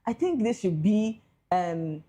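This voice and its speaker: A young Nigerian woman with a Nigerian accent hosting casual celebrity gossip commentary, excitable, mixing pidgin with English, with big swings in pitch and loudness. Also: takes it slowly. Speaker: entertainment news host.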